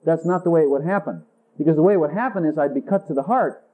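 A man's voice: quick pace, dark tone. A man preaching a sermon in an intimate way, acting out conversations with Jesus. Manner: intimate, acts out dialogues with Jesus in a higher voice. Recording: tinny phone-like sound.

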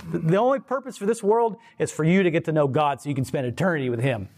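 Animated man talking faith, slightly high voice. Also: fast talker. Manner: animated, laughs often, mimics voices in quoted asides; rambling, many fillers and restarts. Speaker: Christian speaker. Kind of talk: casual faith talk.

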